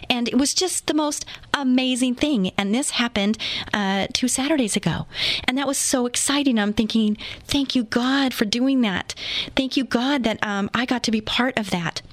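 A woman's voice: fairly high pitch, dry recording. A woman hosting a faith-based radio show in a studio, telling stories in a chatty, enthusiastic way with lots of fillers. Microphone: studio microphone.

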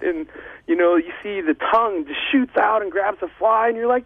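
A man's voice: high voice, a little fast, no echo. A young man speaking as a guest, sharing an earnest, emotional faith testimony with plenty of fillers. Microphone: phone. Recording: tinny phone line.

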